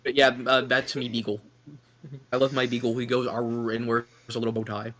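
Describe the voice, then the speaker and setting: A man's voice: medium pitch, level tone, fairly quick, a bit bright. A young man hosts a casual online podcast, joking around and rambling through questions in a self-deprecating way. He talks over a remote call mic. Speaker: podcast host.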